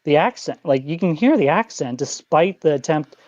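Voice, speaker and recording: A man's voice: a little high, animated, normal speed, darkish tone, dry recording. An American man calling in to a talk show, speaking in a guarded, dismissive, matter-of-fact way. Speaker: guest caller. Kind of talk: casual call-in chat.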